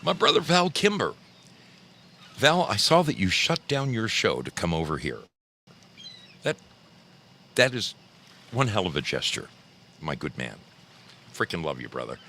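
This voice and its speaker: A low-voiced man hosts a casual livestream, greeting his viewers one by one in a folksy, chatty way. His tone is bright and forceful despite the deep pitch. A faint hiss sits under his voice. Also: very animated, unhurried, pauses often. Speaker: livestream host.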